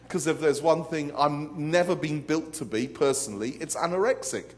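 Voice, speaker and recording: A man's voice: a little high, expressive, normal speed. Dramatic, comic male preacher. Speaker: pastor. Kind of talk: live sermon. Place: live conference hall.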